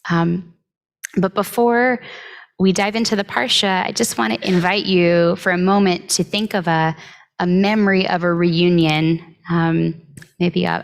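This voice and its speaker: Woman with a low, gravelly voice giving a sermon. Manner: reflective, unhurried, with frequent pauses and filler words. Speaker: clergy giving the weekly Torah talk. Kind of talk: conversational sermon.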